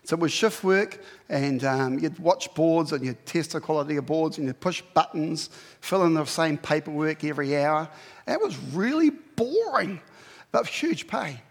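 High-voiced New preacher in a hall. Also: male voice, normal speed. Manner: conversational, animated preaching with rhetorical questions. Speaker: pastor. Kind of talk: sermon. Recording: long hall reverb.

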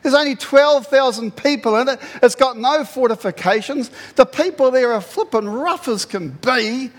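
A male pastor preaching a sermon, telling the story in an animated way and acting out the quotes in loud bursts. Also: very high voice, normal speed. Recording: long hall reverb.

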